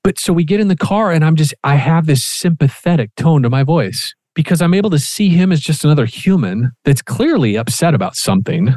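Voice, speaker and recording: A man co-hosting a podcast, telling a personal story in casual chat, animated and acting out quoted dialogue with casual swearing. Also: fairly high pitch, fairly quick, hardly any pauses, no room sound. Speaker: podcast co-host.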